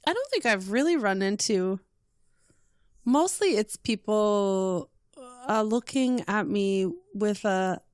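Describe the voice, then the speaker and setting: A woman guest in a casual podcast chat, bubbly and given to squealing when she quotes her own excitement. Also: medium pitch, slow pace, smooth.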